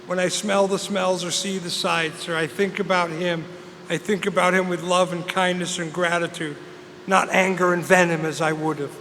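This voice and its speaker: A man's voice: high-pitched, level tone, moderate pace, fairly bright tone. A middle-aged man, earnestly sharing his personal story as a speaker at a recovery meeting in a large hall. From England. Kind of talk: personal testimony talk. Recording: long hall reverb, faint noise.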